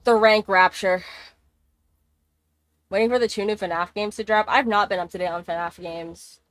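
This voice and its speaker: Woman streamer, rambling casual chat, mid-pitched voice, dry close sound, swears freely. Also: fairly even intonation, normal speed, fairly bright tone, no echo. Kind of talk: casual gaming livestream chat.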